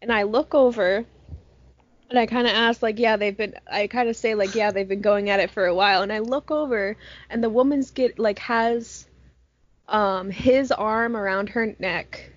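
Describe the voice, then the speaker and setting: A young woman chatting casually with friends and telling an animated story, swearing freely. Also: mid-range voice, normal speed, dry recording. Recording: muffled lo-fi sound, dry.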